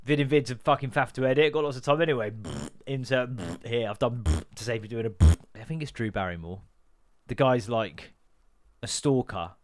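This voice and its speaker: A podcast host and comedian talks at medium pitch and normal speed. His chat is casual and rambling, sweary and jokey, and he acts out quotes in other voices.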